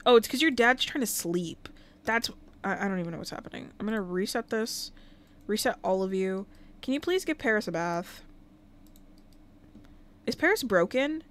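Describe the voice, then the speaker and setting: A woman's voice: medium pitch, animated, moderate pace, long pauses. A woman casually commenting while livestreaming a life-sim game, talking to the characters and thanking viewers. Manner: chatty, talks to game characters and chat.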